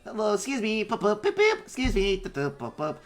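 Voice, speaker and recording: A man doing a squeaky little robot. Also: huge pitch swings. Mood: chirpy. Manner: squeaky, hurried and overly polite. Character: small chirpy robot errand runner.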